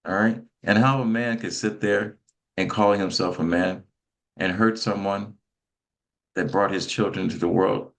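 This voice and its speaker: Deep gravelly male talk-show host. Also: a bit bright. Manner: emphatic, repeats himself, calls out names. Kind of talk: animated talk-show chat.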